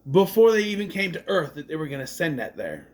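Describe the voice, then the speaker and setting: Animated man recapping a movie. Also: on the high side, fairly quick. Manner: animated, swears, mocks scenes in exaggerated voices. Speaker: movie reviewer. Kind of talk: casual movie recap and review.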